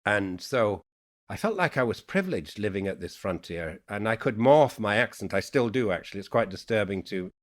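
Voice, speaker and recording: Lyrical poet with a Yorkshire-Irish-American accent. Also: male voice, lowish voice, animated. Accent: mixed Yorkshire, Irish and American. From England, Yorkshire. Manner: lyrical, unhurried, thoughtful. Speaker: guest poet. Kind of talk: reflective conversation.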